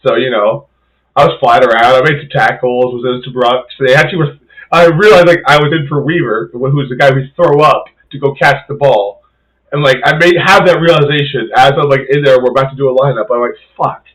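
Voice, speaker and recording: A man's voice: medium pitch, fairly quick, a bit bright, poor audio. A young man, a podcast co-host and rugby player, telling a story in casual chat with plenty of swearing and filler words.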